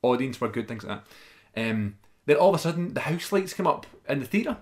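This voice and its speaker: A young man talks casually as a podcast host. He tells anecdotes with rising excitement, his voice leaping higher at the punchlines. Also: brisk. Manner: animated storyteller, voice jumps up when excited. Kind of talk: casual chat.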